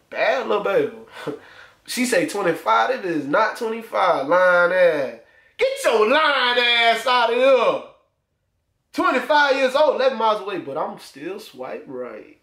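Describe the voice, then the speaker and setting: A man's voice: fairly high pitch, creaky, a bit bright. Crude, teasing young man in an echoey room. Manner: loose, crude, teasing banter. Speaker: YouTuber. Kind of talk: casual reaction commentary.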